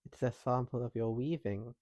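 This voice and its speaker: Man as a modest young farmer's son, quiet and plain, storybook reading, mid pitch, dry close sound. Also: normal speed, dry recording, lightly acted.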